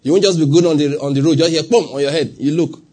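A man's voice: on the high side, quick pace. A man with a Nigerian accent preaching a sermon to a congregation, acting out short scenes and asking them questions as he goes. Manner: animated, acts out little scenes and asks the congregation questions. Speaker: pastor.

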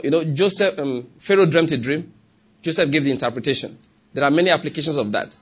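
Preaching with pressing, emphatic conviction, this Nigerian-accented pastor keeps pausing to ask if the congregation is with him. His voice is a bit high, with a breathy, husky quality.

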